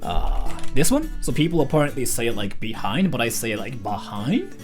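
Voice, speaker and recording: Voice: mid-range voice, brisk, loud music behind the voice. A young adult streamer from Japan, a native Japanese speaker with a mixed, hard-to-place English accent, chatting casually and rambling with lots of fillers. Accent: unusual mixed English accent, hard to place. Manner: rambling and animated, says freaking often.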